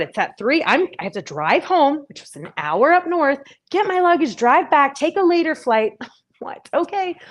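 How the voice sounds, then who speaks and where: A woman in her thirties speaking as a spiritual speaker, telling personal stories in a casual, animated way and acting out the voices in them. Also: fairly high pitch. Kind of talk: casual storytelling talk.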